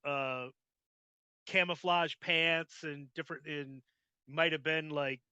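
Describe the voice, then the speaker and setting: Bright-voiced man rambling through memories. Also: a little high, steady tone, takes it slowly, clean tone, no echo. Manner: rambling, full of "like" and restarts. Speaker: podcast host. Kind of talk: casual reminiscing chat. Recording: dull lo-fi dry sound.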